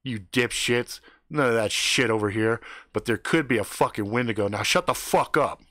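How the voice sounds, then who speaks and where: A man's voice: mid-range voice, moderate pace, a bit bright, no echo, close to an everyday voice. A man voicing a surly, burnt-out adult camp driver who hates the kids. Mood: gruff. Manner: gruff, contemptuous.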